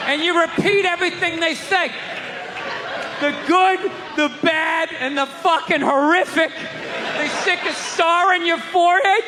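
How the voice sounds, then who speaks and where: A man doing a profane, shouting stand-up comedy rant at a live show. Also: very high-pitched, fairly even intonation, unhurried, pauses often, over a noisy crowd. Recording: live show with audience noise.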